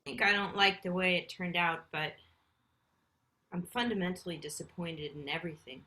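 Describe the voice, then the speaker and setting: A woman performing an improvised scene on a video call, with a dry, glum deadpan. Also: fairly low pitch, moderate pace.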